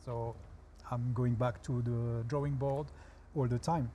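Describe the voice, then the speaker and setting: A man from France with a French accent, a guest chef in a TV talk show interview, explaining things in a relaxed way with dry humor. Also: mid-range voice, measured pace, slight background noise.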